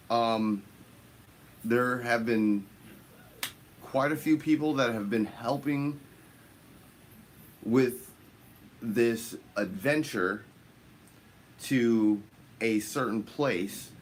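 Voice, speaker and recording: A man hosting a fishing channel livestream, greeting viewers by name in casual chat, his voice jumping up high on the shout-outs. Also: slight background noise.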